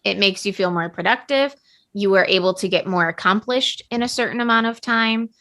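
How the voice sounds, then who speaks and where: Bright-voiced woman co-host, chatty. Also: mid-range voice, a little fast. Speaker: podcast co-host. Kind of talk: casual chat.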